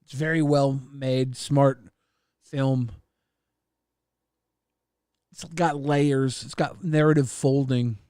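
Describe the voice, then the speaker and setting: A man hosting a livestream, casually reading viewer messages and rambling with plenty of swearing in a deadpan way. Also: medium pitch, slow, long pauses, smooth, no room sound, clean studio sound. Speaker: stream host.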